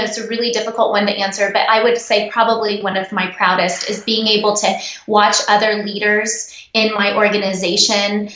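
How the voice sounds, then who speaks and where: A woman guest in an interview, telling personal stories in an earnest, animated way. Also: medium pitch. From United States. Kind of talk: interview storytelling. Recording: echoey, dull remote audio.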